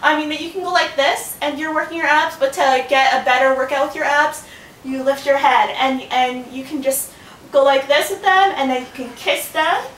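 A woman's voice: normal speed, a bit bright. A woman filming a casual home workout in her bedroom, chatting and talking to her baby as she exercises, getting out of breath. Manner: chatty, talks to her baby in a sing-song voice. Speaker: vlogger. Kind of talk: casual home fitness demonstration. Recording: roomy, from a distance with faint rumble.

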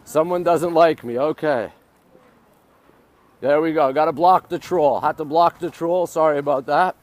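A man's voice: fairly high pitch, a little slow. A man from the United States livestreaming a walking tour outdoors on a phone, chatting with viewers and urging them to stay with him. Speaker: livestream vlogger. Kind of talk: live walking tour stream. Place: outdoors on a city riverside street. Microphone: phone held while walking.

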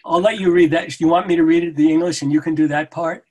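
A man, a translator, reading poetry aloud and talking about his translation in a measured, halting way. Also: fairly high pitch, steady tone, darkish tone. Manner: measured, halting, self-correcting. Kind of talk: poetry reading and book talk.

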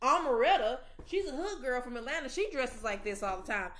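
A young woman hosting a casual commentary chat, outspoken and animated, often stammering and restarting with plenty of slang. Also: high-pitched, brisk, slight background noise. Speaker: podcast host.

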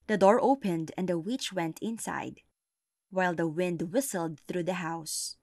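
A woman reading a folktale aloud as an audiobook narrator, slow and deliberate. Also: lowish voice, darkish tone, dry recording, clean studio sound. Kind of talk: storybook narration.

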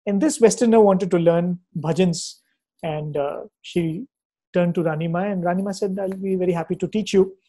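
Mellow-voiced man telling devotional stories. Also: sits high, normal speed, low-quality recording. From Chennai, India. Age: 40s. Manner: earnest storyteller, often checking in with "right?" and "you know". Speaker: spiritual speaker. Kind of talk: devotional talk with storytelling.

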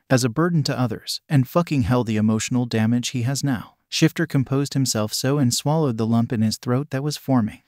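A man narrating a fan fiction story in an even, steady reading. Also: medium pitch, dry recording, clean studio sound.

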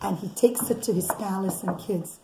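A mother telling a bedtime story to her child at home, animated, with laughing asides and a teaching tone. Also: mid-range voice, normal speed, noisy background. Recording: echoey room.

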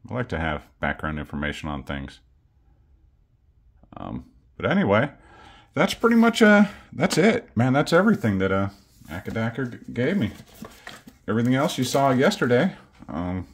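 A man, casually chatting through a coin unboxing vlog in an easygoing, self-deprecating way. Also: low-pitched. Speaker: coin collecting channel host.

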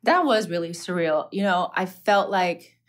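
A woman's voice: fairly low pitch, lively intonation, measured pace. A woman from Ohio, a podcast guest chatting candidly with easy laughs and casual swearing. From Cleveland, Ohio, USA. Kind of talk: casual interview chat.

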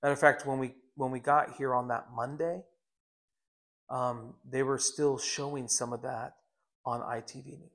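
A man's voice: mid-range voice, fairly even intonation, normal speed, gravelly, fairly bright tone. A middle-aged man preaching a sermon, telling stories earnestly with frequent restarts. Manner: earnest, storytelling with repeated restarts.

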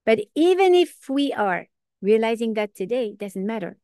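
A woman giving an informal Torah class, earnest and lively, asking questions and answering them herself. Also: on the high side, brisk, no room sound, studio quality. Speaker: Torah teacher.

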